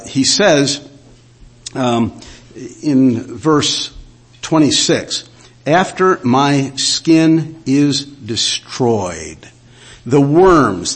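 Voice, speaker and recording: Male pastor, husky voice, mid pitch, earnest sermon delivery with scripture readings. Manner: earnest preaching with frequent "uh" and "um", reading scripture aloud.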